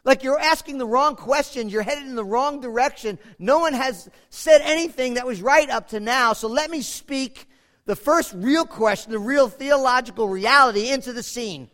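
A man's voice: high-pitched, very animated, moderate pace, pushed and bright, full character voice. A man voicing a bold young shepherd boy, speaking with emphatic, incredulous force. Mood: exasperated. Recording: echoey hall reverb.

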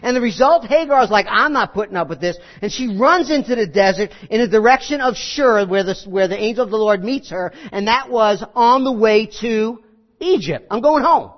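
A man's voice: high-pitched, normal speed, highs cut off. A middle-aged male pastor preaching a conversational sermon and acting out the scenes he tells.

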